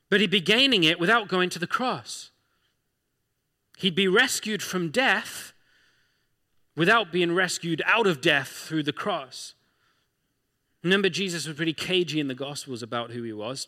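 A man's voice: a little high, lively intonation, moderate pace, long pauses, bright, forceful tone, in a large hall. A man preaching a sermon as pastor, talking through scripture in a conversational way with rhetorical questions.

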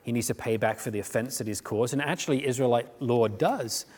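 A male preacher talks through a story in a loose, conversational sermon, stopping and restarting as he goes. His voice sits at an ordinary pitch. A long reverb trails after each phrase, as in a big hall. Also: brisk, breathy edge. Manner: conversational, animated retelling with frequent restarts.

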